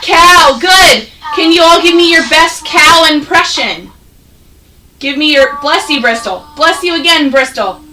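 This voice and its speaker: A woman teaching first graders an online phonics lesson, patient and encouraging, sounding words out slowly. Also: sits high, sharp tone, far from the mic, a little hiss or hum, rough recording.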